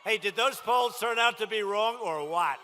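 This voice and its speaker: High, forceful man at a rally. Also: moderate pace, a faint crowd, slight background noise. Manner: emphatic, repetitive, punchy phrasing. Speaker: politician addressing a rally. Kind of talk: campaign rally speech. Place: large indoor rally venue.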